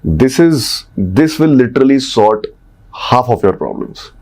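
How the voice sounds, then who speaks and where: A man's voice: medium pitch, very animated, a little slow, darkish tone. A man with an Indian English accent, coaching on speaking and voice in a podcast conversation, checking in often with "right?". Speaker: communication coach.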